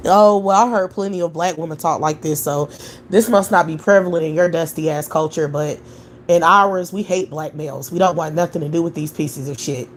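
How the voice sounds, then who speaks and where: A woman's voice: low voice, brisk, a little hiss or hum. A young adult woman hosting a live stream, answering chat in a profane, scornful rant with mocking laughter. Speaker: livestream host.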